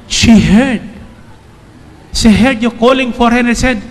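A man's voice: very high-pitched, unhurried, long pauses. A middle-aged man preaching a sermon, telling a story and calling for the crowd's "Amen?". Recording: echoey hall with long reverb.

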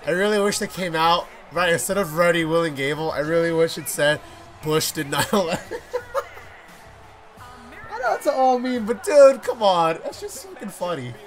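A young man commentating his own gameplay in a bright, high voice that swings widely in pitch. He drops into mumbled asides, then erupts into profane shouting at the game. Faint game music plays underneath. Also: big pitch swings, a little fast, hardly any pauses. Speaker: gaming YouTuber. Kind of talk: let's play commentary.

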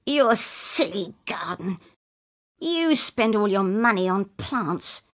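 A woman's voice: medium pitch, big pitch swings, takes it slowly. A woman reading a bitter, bullying drunken father. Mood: shouting. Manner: shouting, scornful and bitter. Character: angry drunken bullying father, older man.

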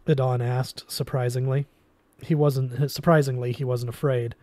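A man reading a novel aloud in a steady storytelling manner, with occasional restarts. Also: mid-range voice, a little slow, dry recording. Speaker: reader.

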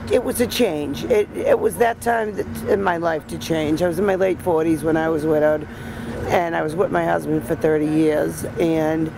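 Brief: woman in her 50s, goat farmer, gravelly voice, halting answers, loud outdoor noise. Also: low voice, fairly even intonation. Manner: rambling, halting, with restarts. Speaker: goat farm owner, guest. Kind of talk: casual interview answers. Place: outdoors at a farm. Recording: noisy outdoor recording.

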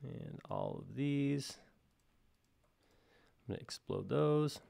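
Man, gravelly voice, live tutorial instructor, thinking aloud, casual. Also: mid-range voice, wildly swooping pitch, takes it slowly, dark tone. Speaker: software instructor. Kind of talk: live-stream modeling tutorial.

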